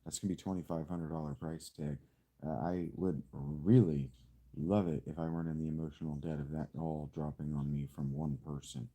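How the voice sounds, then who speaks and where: A man's voice: a bass voice, steady tone, fairly quick, warm tone. A man chatting casually while he streams a video game, rambling and swearing with bursts of laughter. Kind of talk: casual gameplay stream chat.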